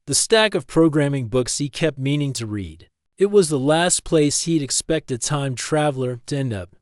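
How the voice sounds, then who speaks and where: A man's voice: mid-range voice, no room sound. A man narrating a story in a dry voice.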